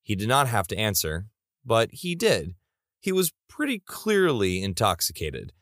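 A man's voice: lowish voice, huge pitch swings, unhurried, a bit bright, no room sound, studio quality. A man narrating reader stories in a comedic style, with playful asides.

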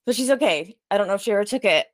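An animated woman telling a wild story in casual chat, quick and breathless, acting out every line in the tale. Her voice sits at a middle pitch. The sound is dry and close. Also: no echo. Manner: animated, fast, full of likes, acts out others' lines. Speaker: storyteller guest.

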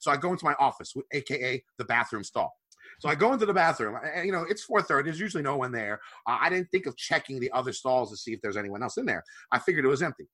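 Bright, profane man telling a story. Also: medium pitch, quick pace, no room sound. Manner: profane, animated anecdote telling. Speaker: podcast co-host. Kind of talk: casual storytelling chat.

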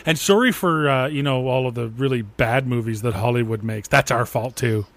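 Canadian male guest, mid pitch, slight stutter, earnest deadpan. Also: normal speed. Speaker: podcast guest. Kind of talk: comic mock apology bit.

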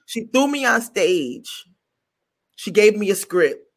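A woman comedian telling a story in an interview, animated, acting out quotes and stumbling over repeated words. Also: medium pitch, takes it slowly. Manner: animated, acts out quotes in other voices.

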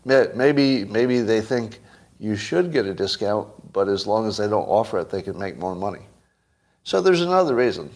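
A man's voice: on the low side, lively intonation, moderate pace, a little mellow. A man hosting a solo commentary monologue, blunt, sarcastic and emphatic. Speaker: host.

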